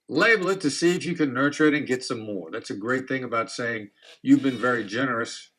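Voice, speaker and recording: A mid-pitched man teaching negotiation in a calm, measured way. He explains step by step and stops now and then to act out an inflection. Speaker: negotiation instructor. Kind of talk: instructional talk to camera.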